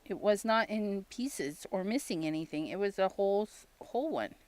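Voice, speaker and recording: A woman with a mid-range voice and lively intonation chats at a moderate pace while crafting on a casual livestream. Between frequent laughs she tells stories, performs little quotes, and sends shout-outs to her viewers.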